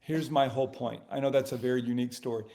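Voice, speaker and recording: A man's voice: medium pitch, fairly even intonation, fast talker, dark tone. A middle-aged man, a guest, earnestly telling stories in a casual faith talk. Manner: earnest storytelling.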